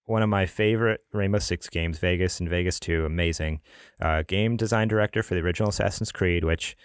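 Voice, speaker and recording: A man's voice: sits low, a little fast, smooth, dry recording, clean studio sound. A man hosting a casual gaming podcast, chatty and rambling, often laughing. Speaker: podcast host.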